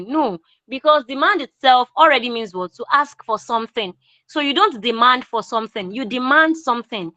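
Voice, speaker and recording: A woman with a Nigerian English accent teaching an online grammar lesson, repeating key phrases slowly for emphasis. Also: high voice, lively intonation, bright, forceful tone, no echo, poor audio.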